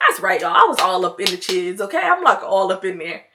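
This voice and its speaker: A young woman telling a storytime tale to her viewers in a loose, chatty way, full of "like" and "you know", and lively when she acts out her own lines. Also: mid-range voice, brisk, background noise. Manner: animated when mimicking herself in dialogue. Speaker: vlogger. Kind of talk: casual storytime chat.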